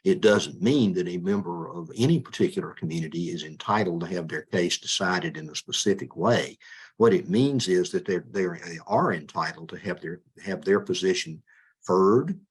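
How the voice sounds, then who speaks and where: Low and husky, the voice belongs to a judicial candidate being interviewed. He responds deliberately, yet trips over his words and repeats himself often.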